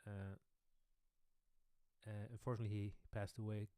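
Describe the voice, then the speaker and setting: A man, a pianist casually answering questions on his own live stream Q&A, relaxed and rambling. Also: lowish voice, normal speed, clear, resonant tone, no echo, studio quality. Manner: relaxed, rambling, chuckling asides. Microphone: studio microphone.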